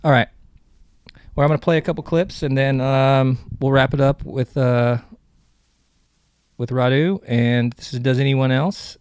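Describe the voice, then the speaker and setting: A man's voice: mid-range voice, fairly even intonation, measured pace, darkish tone, smooth, no echo. A man hosting a podcast, chatting casually and rambling with many restarts. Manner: rambling, self-correcting. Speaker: podcast host. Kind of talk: casual solo chat.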